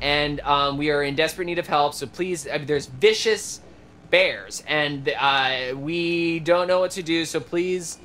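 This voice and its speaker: A rambling young camp counselor. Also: male voice, a little high, unhurried, pushed and bright, slight background noise. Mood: flustered. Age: young adult. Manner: rambling, hesitant, full of fillers. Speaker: video game character.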